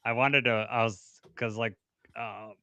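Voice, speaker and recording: A man's voice: mid-range voice, fairly even intonation, unhurried, sharp tone, no room sound, dull audio. A man co-hosting a live podcast stream, chatting casually, rambling a little and laughing easily. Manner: rambling, laughs easily, greets chat viewers. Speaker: podcast co-host.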